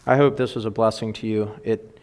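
A man's voice: lowish voice, fairly even intonation, brisk, darkish tone. A man speaking earnestly and casually to his listeners, with some fillers. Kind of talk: casual direct address.

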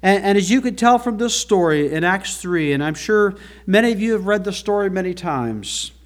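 A man's voice: sits high, lively intonation, normal speed. A male pastor preaching a sermon to a church congregation, earnest and folksy, with rhetorical questions.

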